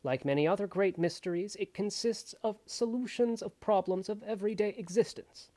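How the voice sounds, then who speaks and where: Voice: medium pitch, normal speed, warm tone, pitched above the performer's own voice, lightly acted. A reader putting on a transatlantic accent to play a solemn mid-century male esoteric lecturer, declaiming grandly with a voice that is giving out. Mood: solemn lecturing. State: losing voice. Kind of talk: lecture reading impression.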